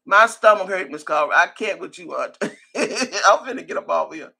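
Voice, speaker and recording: A woman's voice: lowish voice, lively intonation, normal speed, vocal fry, pushed and bright, slightly rough. A woman hosting a live stream in a casual, chatty way, laughing often and calling out viewers' names and comments. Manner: laughs a lot, chatty and teasing; calls out viewer names one after another. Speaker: livestream host.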